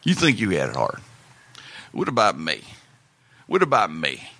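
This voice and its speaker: A man putting on the voice of an older uncle, who speaks in a blunt, matter-of-fact way with a flat, low mumbling drawl. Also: moderate pace, dry recording, full character voice. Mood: grumbling.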